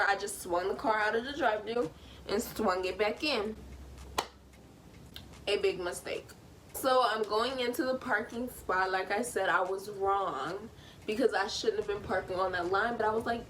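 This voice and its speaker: A woman in her twenties telling a story from home in a chatty, animated way. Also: mid-range voice, a little slow, a little hiss or hum. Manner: animated and chatty, full of fillers. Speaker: vlogger. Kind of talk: casual storytime.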